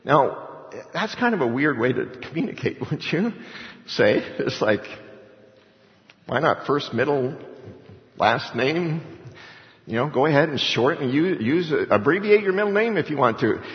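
A man's voice: fairly high pitch, animated, unhurried, long pauses. A man preaching a sermon in a conversational way, asking rhetorical questions and chuckling as he explains scripture. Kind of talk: sermon with Bible reading. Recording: echoey hall, dull lo-fi sound.

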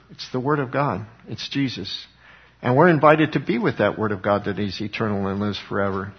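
A man teaching from the Bible in a conversational, earnest way, rising in pitch when he quotes scripture. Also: creaky, husky, dull audio. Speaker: preacher.

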